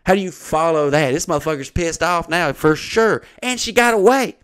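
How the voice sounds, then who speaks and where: Here the comedian host's voice is a little high and smooth, moving at a normal speed. He's telling a long story on his comedy podcast, cursing liberally and performing the voices of the people in it with animated energy.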